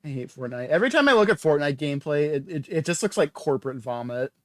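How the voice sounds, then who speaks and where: A man's voice: on the high side, expressive, quick pace. Stammering podcast guy, repeating words. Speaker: podcast co-host. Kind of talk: casual podcast chat.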